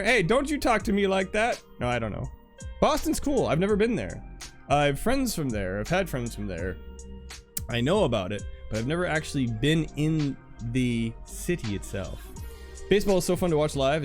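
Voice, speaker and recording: Chatty man on a live stream. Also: on the high side. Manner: chatty, laughs often, trails off and restarts. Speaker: livestreamer. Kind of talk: casual live-stream chat with viewers.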